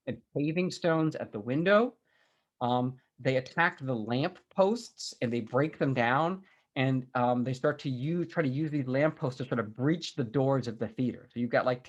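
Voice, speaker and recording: A man giving a recorded university history lecture, telling events as a lively story with frequent ums and restarts. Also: medium pitch.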